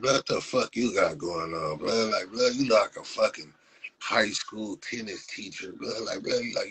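A man's voice: lowish voice, bright, forceful tone, breathy edge, rough recording. A man from Compton in Los hosts a live stream, mocking viewers in profane, casual talk with frequent laughs. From Compton, Los Angeles.

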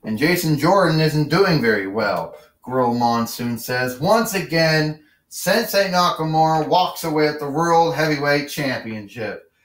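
A man calls a toy wrestling match in an excitable, rambling play-by-play, often stumbling and restarting his sentences. His voice sits a little higher than most men's. The recording carries a roomy echo. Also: a little slow, recorded from a distance. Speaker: play-by-play commentator.

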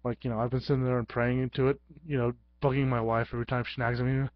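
A man's voice: mid-range voice, level tone, quick pace, few pauses, no room sound. A man casually showing off a toy to the camera at home, joking and making sound effects. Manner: goofy, playful, sound effects. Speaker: vlogger. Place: home, at his computer. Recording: dull lo-fi, dry sound.

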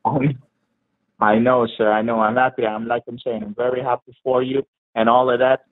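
A man's voice: medium pitch, flat delivery, normal speed, dry recording. A man on a phone call, speaking politely and reassuringly with hesitant fillers, addressing the other as sir. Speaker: phone scammer. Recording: tinny dry phone line.

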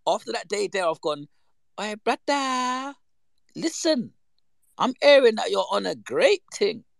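Animated man telling stories. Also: high-pitched, normal speed, gravelly, dry recording. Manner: animated, slangy, acts out quoted voices. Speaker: storyteller. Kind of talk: casual chat, reminiscing.

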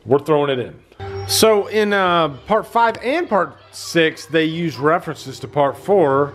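A man's voice: a little high, expressive, slow pace, fairly bright tone, soft background music. A middle-aged man giving casual movie reaction commentary, enthusiastic and loose, swearing freely. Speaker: vlogger.

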